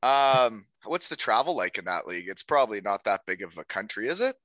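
A man's voice: fairly low pitch, very animated, a little fast, fairly bright tone. A man hosting a casual podcast, laughing often and mimicking people as he tells stories. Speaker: podcast host. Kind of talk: casual chat.

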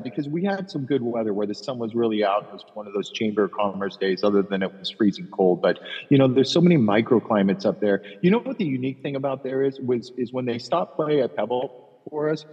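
A man co-hosting a podcast, telling animated, profane golf stories in casual chat. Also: lowish voice, husky. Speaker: podcast co-host. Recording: dull, roomy with long echo.

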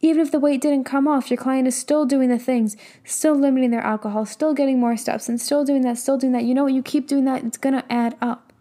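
A young woman speaks as a motivational coach, her voice a little high yet mellow and warm. She talks casually and emphatically, stacking rhetorical questions and letting an occasional swear slip. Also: steady tone, a little fast, few pauses. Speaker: business and mindset coach. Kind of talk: motivational talk.

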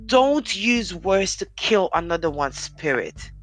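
A podcast host with a deep, commanding voice, giving an earnest, encouraging motivational talk straight to listeners. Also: very animated, slow pace, soft background music.

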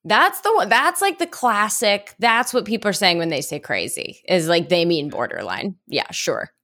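A woman's voice: medium pitch, very animated, normal speed, fairly bright tone. A woman guest on a comedy podcast, talking candidly and self-deprecatingly, often laughing. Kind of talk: casual comedic chat.

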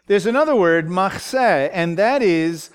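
A man teaching a Bible study, talking in a halting way with many fillers and frequent "okay?" check-ins. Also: sits high, animated, smooth.

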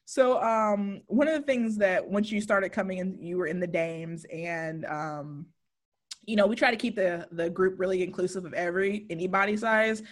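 A woman's voice: medium pitch, normal speed. A young adult woman hosting a podcast interview in a chatty, rambling way, with casual swearing. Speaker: podcast host.

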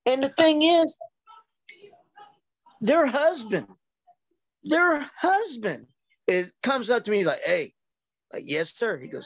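A man telling joking stories in a dry, deadpan way. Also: very high-pitched, slow, gravelly, long pauses, no echo. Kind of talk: casual storytelling chat.

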